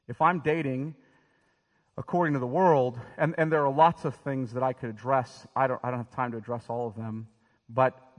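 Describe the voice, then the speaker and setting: A man's voice: on the high side, fairly bright tone. Emphatic male pastor in an echoing hall. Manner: emphatic, direct preaching with quick repeated restarts. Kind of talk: sermon. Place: church sanctuary.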